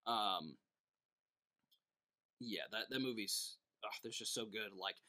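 Bright-voiced young man rambling casually. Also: fairly low pitch, slow pace. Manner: rambling, animated storytelling with many fillers. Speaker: podcast co-host. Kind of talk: casual chat.

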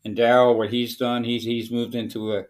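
Low-key male podcast host. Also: little pitch movement, moderate pace. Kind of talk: casual interview chat.

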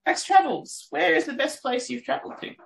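Woman interviewer, gravelly voice, kinda far from the mic in an echoey room. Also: sits high, animated, brisk. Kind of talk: casual interview questions.

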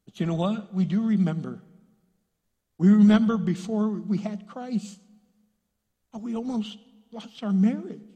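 A middle-aged man from Texas preaching in a large church, his voice sitting high for a man. He swings between quiet, confiding asides and loud, fired-up bursts. A long reverb trails every phrase around the packed hall. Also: unhurried, pauses often, lo-fi sound. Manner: animated preaching, swinging from hushed to shouting. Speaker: pastor. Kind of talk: sermon.

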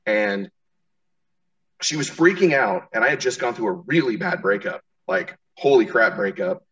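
A man's voice: mid-range voice, lively intonation, moderate pace, a bit bright, recorded from a distance, lo-fi sound. Rambling, cursing man off-mic. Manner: rambling, profane, restarts often. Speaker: podcast host. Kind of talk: casual interview chat.

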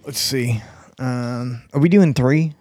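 A man co-hosting a podcast, relaxed and quick to laugh while guessing impressions. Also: medium pitch, no room sound, studio quality. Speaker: podcast co-host. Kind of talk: casual chat, impression game.

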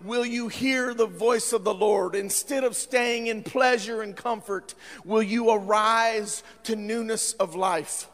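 A male pastor preaching a sermon, with frequent "uh" fillers, swinging between fervent shouting and quieter appeals. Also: high voice, steady tone, takes it slowly. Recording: long hall reverb.

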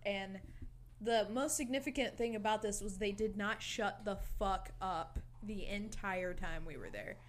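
A young woman in her twenties telling a lively story in casual chat, swearing freely and quoting her friend. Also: medium pitch, measured pace, a little hiss or hum. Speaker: guest storyteller.

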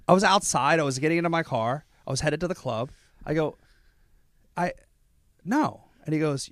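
A man co-hosting a casual podcast chat in an office, telling stories in an excitable, quick way with a lot of "yeah". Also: on the high side. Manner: excitable, quick storytelling with many yeahs. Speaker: podcast co-host and comedy club owner.

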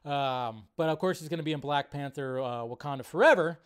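Man, high-pitched, animated live movie-show host, casual ranter who swears and swings from loud to hushed. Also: brisk, smooth. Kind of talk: casual live-stream rant.

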